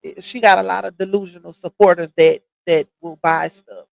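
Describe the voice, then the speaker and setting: A woman's voice: fairly low pitch, fairly even intonation, moderate pace, gravelly, low-quality recording. A woman hosting a late-night livestream, chatting casually and addressing viewers directly as she gossips. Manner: chatty, talks straight to viewers with "y'all" and "child". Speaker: livestream host.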